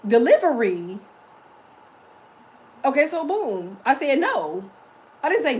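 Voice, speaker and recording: A woman giving a casual tarot reading, blunt and profane, talking in emphatic, lively rants. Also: high-pitched, unhurried, long pauses, a little hiss or hum, low-quality recording. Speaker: tarot reader.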